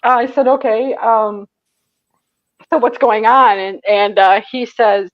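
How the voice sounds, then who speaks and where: A woman's voice: on the high side, fairly even intonation, takes it slowly, no room sound, muffled recording. A woman from Michigan, a psychic medium, telling a story as an interview guest, laughing often and acting out the voices she quotes. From Michigan, USA. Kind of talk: animated storytelling in a casual interview.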